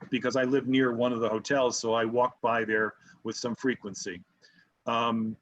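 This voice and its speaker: Male board member, halting and careful, dull dry video-call sound. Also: medium pitch, dry recording. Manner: hesitant, many fillers and restarts. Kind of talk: remarks at an online meeting. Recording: dull, muffled call audio.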